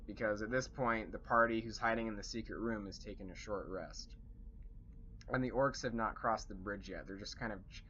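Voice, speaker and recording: A man's voice: lowish voice, bright, forceful tone. A man recapping a tabletop game session as dungeon master, rambling with many fillers. The recording is dull and lo-fi. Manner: rambling, lots of fillers and restarts. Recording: dull lo-fi recording with faint hiss.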